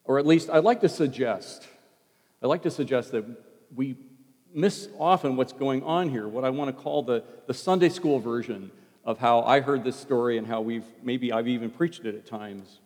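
Pastor preaching in a reverberant hall. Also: male voice, medium pitch. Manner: conversational preaching, drops to a hush for quoted words. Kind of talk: sermon.

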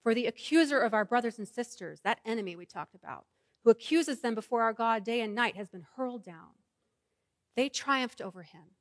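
A woman's voice: a little high, animated, brisk, no echo, clean studio sound, long reverb tail. A woman pastor preaching a sermon in a rhythmic, repetitive cadence and leading her congregation in prayer.

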